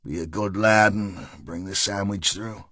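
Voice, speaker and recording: A man's voice: lowish voice, fairly even intonation, measured pace, a bit bright, no echo, clean studio sound, pitched below the performer's own voice. A man voicing a blunt, sarcastic, injured male detective who asks curt questions.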